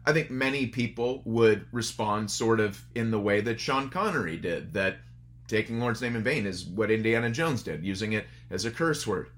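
Low-voiced man preaching a sermon. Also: animated, normal speed, fairly bright tone. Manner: conversational storytelling preacher. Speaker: pastor. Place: church service streamed online.

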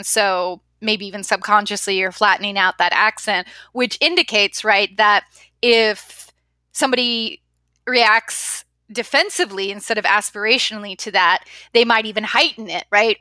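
A woman interviewing a guest in a casual conversation, chatty and animated, laughing easily. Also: medium pitch, dry recording.

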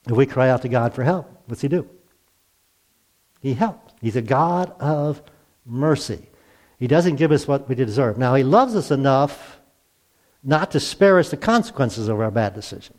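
A male pastor with a medium-pitched, somewhat dark voice preaches a sermon conversationally. He asks rhetorical questions and acts out the quotes he cites.

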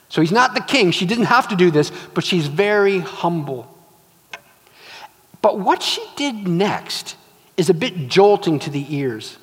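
High-voiced man preaching in a hall. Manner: earnest, storytelling. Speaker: pastor. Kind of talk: sermon. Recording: long hall reverb.

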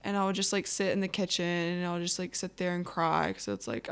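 A teenage girl telling her own personal story in a halting way, full of fillers. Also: lowish voice, fairly even intonation, clear, resonant tone. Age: teens. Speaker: anonymous guest.

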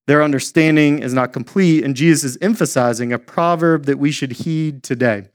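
A man's voice: a little high, moderate pace, hardly any pauses. A male pastor preaching a sermon in a conversational, folksy way, with jokey asides to the church.

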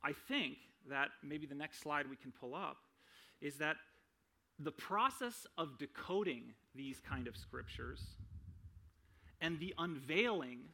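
Gravelly and sharp in tone, this slightly high male voice moves slowly with lively intonation. The speaker is a young preacher giving a conversational sermon, often asking "right?" and making jokes at his own expense.

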